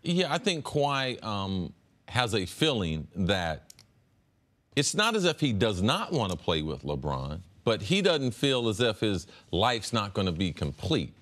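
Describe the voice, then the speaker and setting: A man co-hosting a sports talk show in casual debate, lively and laughing easily. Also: measured pace. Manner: lively, wide-ranging pitch, laughs easily.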